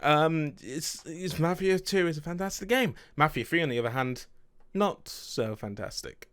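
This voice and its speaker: A man's voice: on the high side, expressive, normal speed, fairly bright tone, clear, resonant tone. A young man chatting casually about his favourite video games, rambling, correcting himself and swearing now and then. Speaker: video game streamer.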